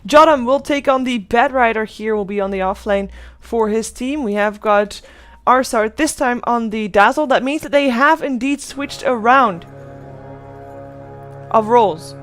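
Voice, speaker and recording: A woman's voice: on the high side, unhurried, soft background music. A woman casting a live esports match as play-by-play commentator, chatty and thinking aloud. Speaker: esports caster.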